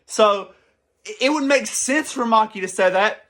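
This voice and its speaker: A young man giving casual, excitable commentary as a channel host, rambling and swearing freely. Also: high voice, a little slow.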